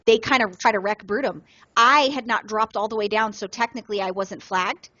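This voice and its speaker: A woman co-hosts a gaming podcast, spinning an animated tale in a mid-range voice. The sound is dry and a little dull, like a home mic in a small room. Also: mid-range voice, brisk, no echo. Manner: animated storyteller, acts out other players in quotes. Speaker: podcast co-host. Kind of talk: casual gaming podcast storytelling.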